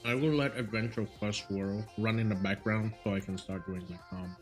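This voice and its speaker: A man's voice: fairly low pitch, steady tone. Young man, Vietnamese accent, casual streamer chat, rambling with fillers, faint music underneath. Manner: rambling, halting storytelling with many fillers and restarts.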